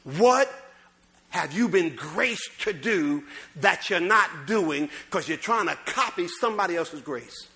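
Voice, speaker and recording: Preacher, male, high bright voice, animated delivery with loud bursts and low asides. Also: takes it slowly. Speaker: pastor. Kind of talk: sermon.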